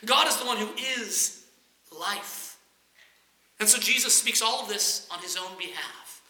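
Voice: mid-range voice, unhurried, sharp tone, roomy sound. A preacher delivering an expository sermon in a conversational teaching manner.

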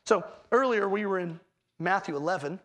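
A man preaching a sermon as pastor, expressive, acting out quoted voices with swings in pitch. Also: normal speed.

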